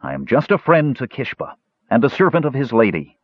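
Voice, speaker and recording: A guarded half-elf swordsman, voiced by a man, speaks with firm, growling authority in an audiobook. The voice is husky and dry, and the recording is a little dull and lo-fi. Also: medium pitch, huge pitch swings, brisk, no echo, voice pushed up. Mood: stern.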